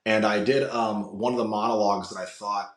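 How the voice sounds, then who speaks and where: A man's voice: fairly low pitch, fairly even intonation, a little fast. A man from the United States, a podcast guest, chatting casually in rambling stories full of swearing. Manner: rambling storytelling with frequent swearing. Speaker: guest, wrestling content creator. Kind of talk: casual interview chat. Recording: echoey room.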